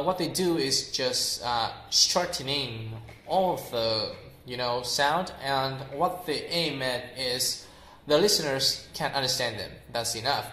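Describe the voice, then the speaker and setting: A man's voice: mid-range voice, sharp tone. Vietnamese-accented man teaching English, echoey room. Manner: explains slowly with many fillers and repeats example words aloud. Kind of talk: informal spoken lesson.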